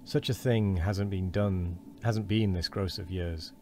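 A man's voice: sits low, steady tone, unhurried, warm tone, slight background noise. A man voicing a frail, wheezing old man who is fearful and gossipy, his speech quavering.

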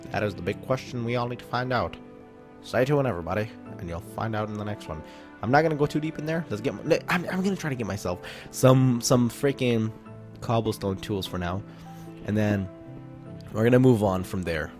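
A man's voice: fairly low pitch, lively intonation, brisk, a little mellow, faint music behind. A young man giving rambling, joking commentary while playing a video game, talking to his viewers and to the creatures on screen. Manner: rambling, jokey self-talk. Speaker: gaming YouTuber. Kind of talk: Let's Play commentary.

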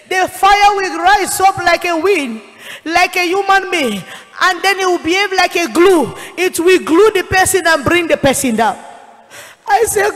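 A woman's voice: very high voice, normal speed. Impassioned woman evangelist. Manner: impassioned, shouting, tearful. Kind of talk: sermon testimony. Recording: long hall reverb.

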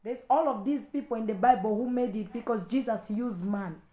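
A woman's voice: on the high side, normal speed. Fiery woman preacher in an echoey room. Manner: exhorting, repetitive, rising to stern loud warnings. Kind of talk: impassioned online sermon.

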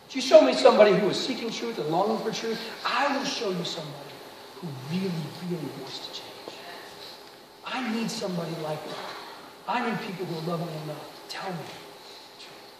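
Male pastor, sermon, lively storyteller; high voice, recorded from far off in a big echoing hall. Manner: animated storytelling with acted quotes. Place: large church hall. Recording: echoey hall, from far off, noisy.

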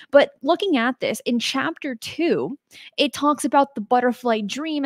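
A woman's voice: a little high, no echo, studio quality. Woman explaining ideas on a talk show. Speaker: co-host presenting research. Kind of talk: explanatory presentation.

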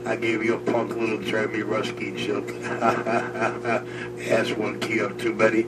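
A man's voice: fairly low pitch, completely flat delivery, a little slow. A man trading mocking taunts over a CB radio. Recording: distant radio voice in loud static.

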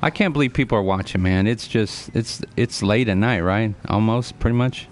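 A little hiss or hum accompanies this fairly low-pitched man speaking at a moderate pace. In his forties, he chats casually and earnestly with his live-stream viewers, lecturing, repeating himself, and naming those he answers.

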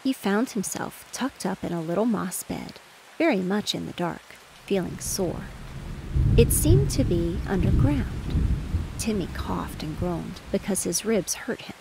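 A woman narrating a children's bedtime story in a gentle, even reading voice. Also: mid-range voice, unhurried, vocal fry, background noise. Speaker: audiobook narrator. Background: rain and distant thunder.

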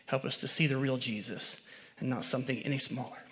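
A man leading a spoken prayer in church, earnest and halting with fillers. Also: mid-range voice, steady tone, noisy background. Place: church sanctuary. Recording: echoey church hall.

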